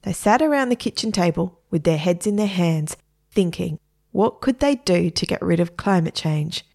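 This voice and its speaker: A woman with an Australian accent reading a children's story aloud in a relaxed, chatty way. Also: fairly low pitch, normal speed, creaky. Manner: relaxed, conversational reading with asides.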